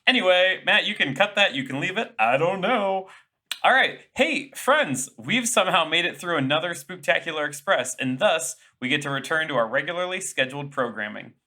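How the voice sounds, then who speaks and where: A man's voice: on the high side, expressive, moderate pace, sharp tone. A man hosting a casual, comedic podcast chat, upbeat and jokey as he moves things along. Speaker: podcast host.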